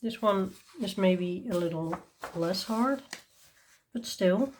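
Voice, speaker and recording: Slow, chatty woman presenting craft books. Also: medium pitch, expressive, a little mellow, a little hiss or hum. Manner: chatty and enthusiastic, with many ums and small laughs. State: tired and yawning. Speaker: coloring channel host. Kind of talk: casual show-and-tell review.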